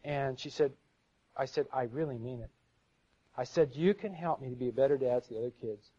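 A man's voice: mid-range voice, brisk, dark tone, breathy edge. Earnest middle-aged man teaching on a dull lo-fi tape. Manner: earnest, storytelling, repeats words when stuck. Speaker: seminar speaker. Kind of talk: live sermon-style teaching with audience questions. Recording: dull lo-fi live recording.

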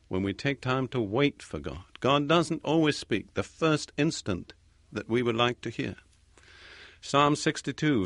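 A male preacher delivers a teaching talk in a measured, deliberate way, pausing and repeating phrases for emphasis. His voice sits at a middle pitch. The recording is close and dry, with no room sound. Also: fairly bright tone, dry recording.

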